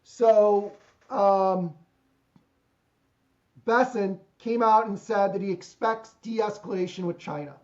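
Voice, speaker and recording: A man's voice: sits high, slow, pauses often, a little mellow. A man hosting a podcast over a video call, chatting and joking about deals and markets. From Ohio, USA. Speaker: podcast host. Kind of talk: casual business chat. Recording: slightly dull lo-fi call audio.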